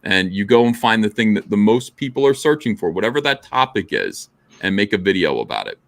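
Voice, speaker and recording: A man's voice: fairly low pitch, sing-song, brisk, creaky, dry recording. A man hosting a livestream, giving blunt, profane advice in casual talk. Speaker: livestream show host.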